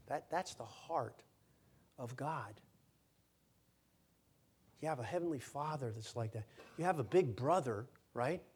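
A man's voice: mid-range voice, a little mellow, slightly rough. A man preaching a sermon as pastor, emphatic, repeating words and asking the congregation questions. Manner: emphatic, repeats words when stressing a point.

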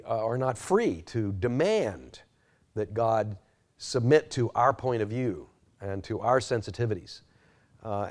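A man teaching a sermon-style class, earnest and emphatic, with frequent restarts and sudden emphatic peaks. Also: lowish voice. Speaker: pastor or Bible teacher.

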